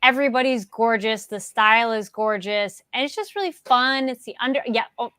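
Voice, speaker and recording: A woman guest on a podcast, gushing excitedly in casual chat. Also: on the high side, a little fast, smooth, no echo, studio quality.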